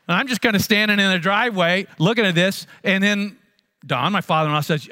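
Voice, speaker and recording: A man, a pastor, telling a funny story in a sermon with animated, self-mocking comic timing. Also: high-pitched, fairly quick.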